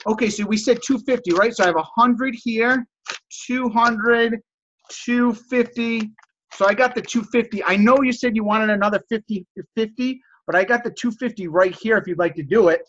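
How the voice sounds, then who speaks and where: A man with a high-pitched voice hosts a casual live stream, answering viewers' questions with upbeat, salesman-like enthusiasm. The sound is dull and lo-fi. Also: moderate pace, a bit bright. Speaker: host of a live stream teaching resale negotiation. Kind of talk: casual live-stream coaching, reading chat messages.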